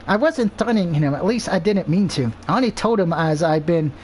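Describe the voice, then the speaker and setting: A bossy, scornful succubus girl with a higher-pitched voice hurls insults and demands, as a man reads her part. She talks down to everyone around her. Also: lively intonation, fairly quick, darkish tone, a little hiss or hum. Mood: snippy.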